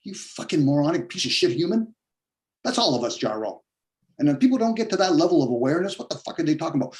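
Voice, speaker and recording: Very animated and quick-paced, a podcast host with a slightly high, darkish voice tears into a profane philosophical rant. He's blunt and combative, swearing heavily and mocking the objections he imagines from others.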